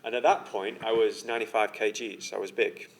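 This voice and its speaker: A man appearing as a guest on an interview podcast, talking about his training in a relaxed, chatty way. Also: on the low side, brisk, vocal fry. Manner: relaxed, chatty, agreeable with frequent yeahs. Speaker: triathlete and coach, guest. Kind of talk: casual interview conversation.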